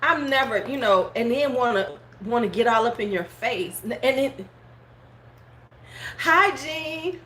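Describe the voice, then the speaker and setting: Middle-aged woman host, blunt and frank, chatting back to live comments; a fairly high voice with light background noise. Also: expressive, a little slow, a bit bright. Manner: blunt, frank, laughs often, curses freely. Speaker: beauty vlogger host. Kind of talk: casual livestream chat. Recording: roomy home room with faint background noise.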